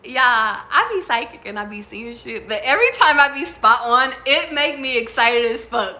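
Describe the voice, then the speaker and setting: Bright, slangy woman tarot reader. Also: on the high side, normal speed, hardly any pauses, roomy sound, low-quality recording. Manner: slangy and profane, bursts into excited squeals. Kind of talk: casual tarot reading.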